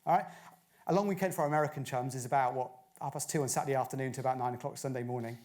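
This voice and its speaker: Speaking very fast at a medium pitch, this darkish-toned conference speaker from Bristol, England, keeps his talk chatty. Rhetorical questions fly at the crowd in front of him.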